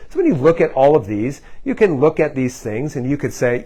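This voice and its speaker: A man's voice: on the high side, big pitch swings, a little fast, a little mellow. A male health practitioner explaining things to camera in a loose, conversational way. He uses plenty of fillers and keeps calling his viewers "guys.".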